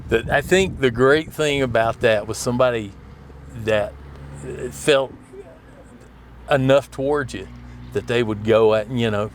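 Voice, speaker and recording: A man's voice: on the low side, slight background noise. A middle-aged man, telling rambling, folksy stories and often laughing. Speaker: storyteller. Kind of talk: casual storytelling.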